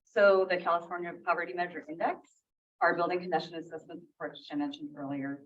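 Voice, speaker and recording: A woman's voice: lowish voice, fairly even intonation, quick pace. A woman on library staff giving an informal update at a public meeting, correcting herself as she goes. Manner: casual, self-correcting, laughs off slips. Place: meeting room. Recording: distant, dull lo-fi meeting audio.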